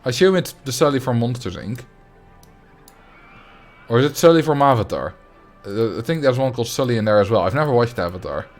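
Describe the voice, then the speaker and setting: Chatty streamer man with lively pitch. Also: a little fast, soft background music. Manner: rambling, chatty, reads and answers chat. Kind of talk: casual livestream chat while playing.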